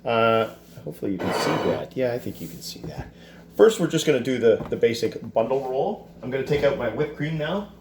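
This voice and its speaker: A man teaching a cooking class, talking through a dessert step by step in a relaxed, chatty way with self-deprecating asides. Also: mid-range voice, a little fast, background noise. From Canada. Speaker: culinary teacher. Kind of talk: cooking demonstration. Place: school kitchen.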